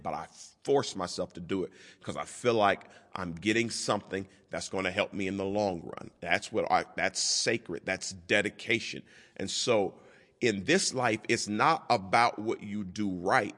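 A pastor delivers a sermon in a fairly low voice, stacking repeated phrases into a rolling rhythm. His voice carries a long reverb from the church hall around him. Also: a bit bright. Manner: repetitive preaching cadence.

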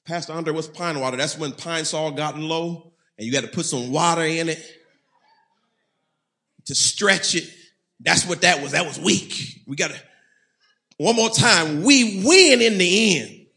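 A male pastor preaches in a fairly high, gravelly voice at normal speed, erupting into loud shouted bursts. He adds folksy humor and leads his congregation in call-and-response.

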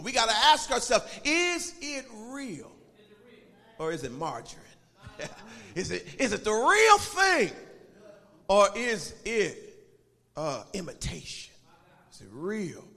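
A male pastor preaching in a church, his high voice swinging widely as he builds into sing-song shouted peaks. The long echo of the hall trails behind each phrase. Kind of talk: sermon and prayer. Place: church sanctuary.

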